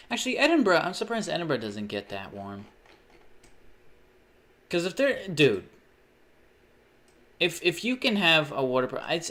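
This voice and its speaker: A young man chatting casually on a live stream. He rambles, swears often and bursts into sudden excited exclamations. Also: mid-range voice. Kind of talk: casual livestream chat.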